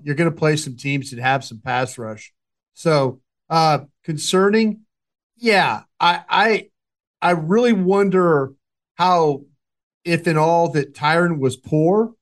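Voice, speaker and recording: A man co-hosting a casual football podcast, talking in a rambling, halting way with many restarts. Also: a little high. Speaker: podcast co-host, football analyst. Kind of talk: casual sports talk.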